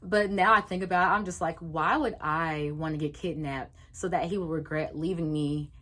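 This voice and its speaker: A young woman vlogger telling a casual story, animated, swearing freely and acting out what people said. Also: deep voice, normal speed.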